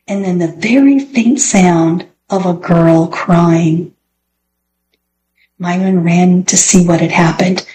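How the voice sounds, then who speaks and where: A woman reading a children's chapter book aloud in a gentle, clear storybook manner. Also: fairly low pitch, a little hiss or hum, low-quality recording. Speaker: narrator.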